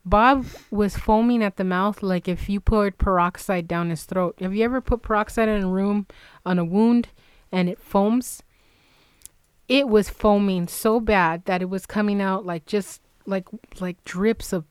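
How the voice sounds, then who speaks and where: A woman's voice: medium pitch, normal speed, clean tone, no room sound. A woman on a podcast, retelling a fight with heat and plenty of swearing in casual chat. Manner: heated, profane, animated retelling. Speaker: podcast co-host.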